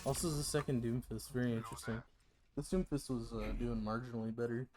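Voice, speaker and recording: A man's voice: mid-range voice, fairly even intonation, brisk, a crowd in the background. A man in his thirties streaming a game, talking casually in a joking, profane, playfully repetitive way. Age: 30s. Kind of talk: casual gaming stream commentary.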